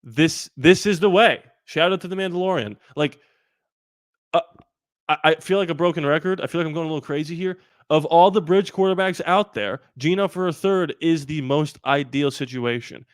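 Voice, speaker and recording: A man hosting a live sports talk stream, animated and rambling with quick asides. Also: on the high side, clear, resonant tone, no echo, clean studio sound. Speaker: sports channel host.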